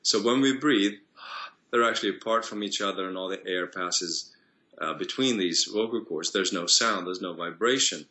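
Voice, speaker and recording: Bright-toned man explaining voice technique. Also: low-pitched. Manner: explanatory, teacherly, with pauses and restarts. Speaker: voice and singing coach. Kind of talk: interview explanation.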